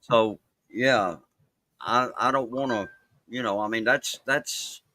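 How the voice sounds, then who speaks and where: A man from Mississippi with a Southern accent, talking as a guest on a casual live-stream interview, halting and full of fillers. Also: mid-range voice, pushed and bright, no echo, poor audio. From Mississippi, USA. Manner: halting, many fillers and restarts. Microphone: close mic.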